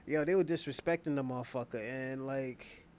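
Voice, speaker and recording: A man's voice: mid-range voice, moderate pace, darkish tone. A man streaming from home, casually retelling a drama in slangy, profane, rambling talk full of fillers. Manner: slangy, profane, loose storytelling with many fillers. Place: at home, indoors.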